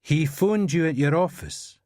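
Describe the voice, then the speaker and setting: A man's voice: fairly high pitch, a little slow, a little mellow, no room sound, natural voice. An actor playing a patient male detective who questions a suspect with dry, probing politeness. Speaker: police interrogator.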